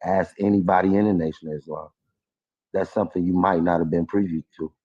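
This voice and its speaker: A man's voice: low-pitched, fairly even intonation, a little fast, darkish tone, slightly rough. Insistent man on a dull line. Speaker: caller on a debate panel. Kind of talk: casual debate.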